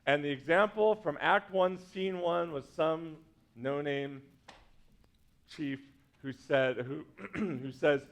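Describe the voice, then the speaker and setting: A man's voice: a little high, slow. A man, a pastor, giving a casual teaching talk to a congregation, full of "like" and "right?" asides. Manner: chatty, many fillers like "like" and "right?".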